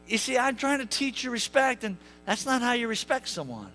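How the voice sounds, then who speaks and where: Male preacher, high bright voice, lively comic sermon delivery. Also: normal speed, faint music behind. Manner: animated, jokey, acts out voices. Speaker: pastor. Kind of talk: sermon with humorous storytelling. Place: church sanctuary.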